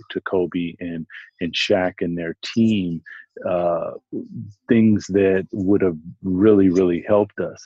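A former pro basketball player telling stories in a casual talk, halting and restarting often. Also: male voice, low-pitched, warm tone, husky, dry recording, muffled recording. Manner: halting, with many restarts and repeated words. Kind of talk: casual conversation, storytelling.

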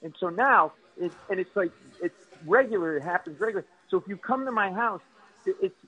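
A man with a slightly high voice tells comic stories on a radio show. He rattles off exaggerated complaints and mocks himself with lively timing. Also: brisk, breathy edge, dull audio. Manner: animated, self-mocking, exaggerated complaints. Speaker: comedian guest.

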